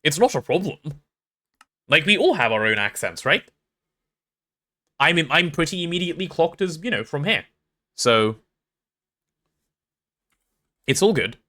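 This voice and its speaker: A young man with an English accent chats through a gameplay livestream, answering his viewers and laughing off his own slips. His voice is bright and a touch high, and his pitch swings widely as he talks. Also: sing-song. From England. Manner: chatty, reads chat aloud and answers it, jokey and quick to apologize. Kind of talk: casual gameplay livestream chat.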